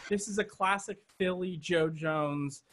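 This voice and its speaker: Speaking at a measured pace in a high voice, a man gives a drum lesson over video call, walking through patterns one step at a time and saying "okay" as he checks in. Soft background music is present, and a drum kit sounds loud behind his voice.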